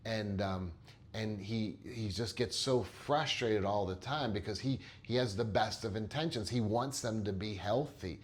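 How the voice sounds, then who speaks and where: A man with a fairly low voice talks earnestly as a therapist recounting a session. His delivery is conversational, and he doubles up words as he starts each point. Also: unhurried. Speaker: therapist and coach. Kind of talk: storytelling monologue.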